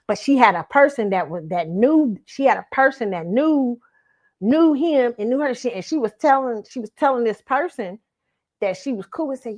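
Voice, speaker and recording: A woman's voice: fairly high pitch, expressive, moderate pace. A woman hosting her own talk show, giving blunt dating opinions and telling a story, with frequent swearing and restarts. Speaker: show host.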